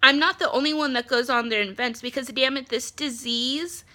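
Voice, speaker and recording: A woman in her thirties vents straight to camera, blunt and fed up, with plenty of ums and the odd curse. Her voice is stuffy and nasal from congestion, yet it comes across bright and crisp, sitting a little above the usual pitch for a woman. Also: normal speed. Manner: frustrated, blunt, swears, many ums. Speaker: vlogger, spouse of an ill partner. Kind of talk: casual venting monologue.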